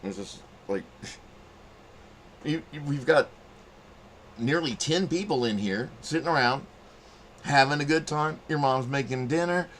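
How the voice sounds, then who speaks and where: A man's voice: on the high side, slow pace, pauses often, fairly bright tone, a little hiss or hum. A middle-aged man telling a rambling, profane story in casual monologue, acting out quotes in a raised voice. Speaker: channel host telling a story.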